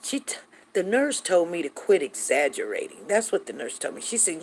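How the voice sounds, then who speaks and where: Middle-aged lady hosting a live chat, gabby, slightly low voice, acts out the quotes. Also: moderate pace, a little hiss or hum. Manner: chatty, animated, acts out quotes, drawls. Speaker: host greeting live viewers. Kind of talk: casual chat storytelling.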